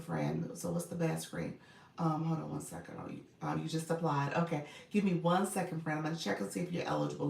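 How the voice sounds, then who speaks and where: Low, gravelly woman, upbeat livestream coach, chatty, recorded in an echoey room from a distance. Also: a little hiss or hum. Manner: upbeat, chatty, greets viewers by name.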